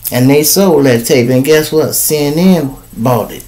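Man from chicago, podcast host, casual profane commentary, animated, fairly high voice. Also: unhurried, few pauses, poor audio. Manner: animated, profane, acts out quoted people in raised voices.

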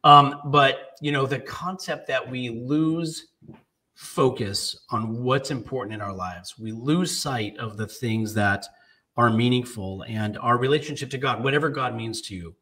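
A man in his late fifties co-hosting a podcast, speaking haltingly with many restarts and close to tears. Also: medium pitch, sharp tone, far from the mic. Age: 50s. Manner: halting, many restarts, tearing up as he tells a story. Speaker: podcast co-host. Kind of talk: casual podcast chat.

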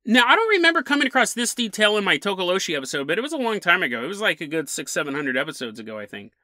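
A man's voice: high voice, big pitch swings, rapid-fire, bright, forceful tone, no echo. A man hosting a paranormal podcast, telling a story with lots of energy and chuckling mid-sentence. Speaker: podcast host.

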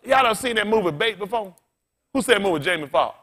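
A man's voice: high-pitched, expressive, quick pace, fairly bright tone. A man pastor preaching a sermon in a blunt, colloquial way, swearing freely and firing questions at the congregation.

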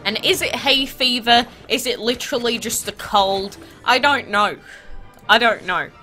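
Bright, high woman host with a blocked nose, chatty gaming vlog, faint music behind. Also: unhurried. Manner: chatty, animated, full of rhetorical questions. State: congested, stuffy-nosed from a cold. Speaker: mobile game channel host. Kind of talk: casual gaming vlog chat.

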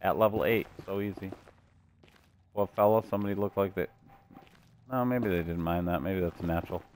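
A man's voice: deep voice, fairly even intonation, brisk, a little mellow, a little hiss or hum. A man streaming gameplay live, chatting to his viewers and cracking puns as he plays. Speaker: gaming streamer.

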